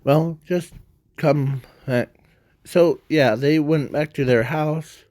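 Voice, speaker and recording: A man's voice: on the high side, slow pace, darkish tone, no echo, studio quality. A man telling an unscripted fan story in a rambling, hesitant way, full of fillers and self-corrections.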